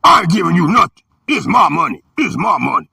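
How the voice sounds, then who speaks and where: A man's voice: a little high, moderate pace, creaky, sharp tone, breathy edge, no echo, heavily acted. A man voicing a greedy, mocking grown man who taunts and keeps repeating himself. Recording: dry and distant from the mic.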